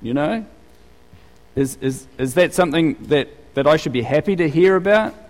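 A man's voice: fairly high pitch, animated, normal speed, long reverb tail. A male pastor giving a sermon, telling stories in a conversational way with frequent restarts.

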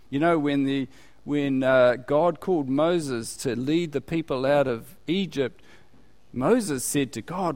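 A man preaching a sermon, asking his listeners questions and rising in volume when he quotes scripture. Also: fairly high pitch. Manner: unhurried, rising loud on scripture quotes, asks the audience questions. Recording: long hall reverb.

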